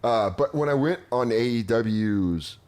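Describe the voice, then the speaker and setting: A man's voice: lively intonation, unhurried, darkish tone. A man in his thirties hosting a podcast, chatting casually and acting out crude stories with quoted voices. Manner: crude, joking storyteller who acts out quotes in high voices. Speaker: podcast host. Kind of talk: casual chat.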